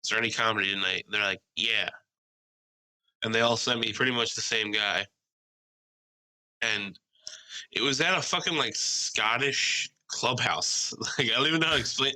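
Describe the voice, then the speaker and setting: A young man co-hosting a casual podcast, telling animated stories, swearing freely and mimicking other people's voices. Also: medium pitch, normal speed, pauses often, rough recording. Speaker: podcast co-host.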